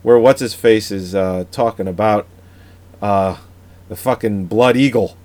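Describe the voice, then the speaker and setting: A man's voice: fairly low pitch, a little slow, darkish tone. A man co-hosting a casual movie-review podcast who laughs often, swears freely and reads from his notes. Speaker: podcast co-host.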